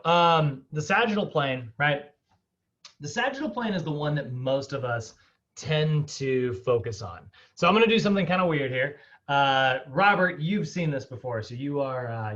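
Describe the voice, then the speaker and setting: A man's voice: mid-range voice, animated, normal speed, fairly bright tone. Upbeat man teaching an online class. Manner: casual, upbeat, chatty with fillers and laughs. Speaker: fitness instructor. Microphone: video call. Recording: dull lo-fi video call audio.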